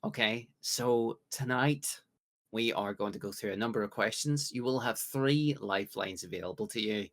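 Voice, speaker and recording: A man from the UK hosting a casual podcast quiz, joking along and reading out multiple-choice questions with drawn-out pauses. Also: fairly low pitch. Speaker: quiz host.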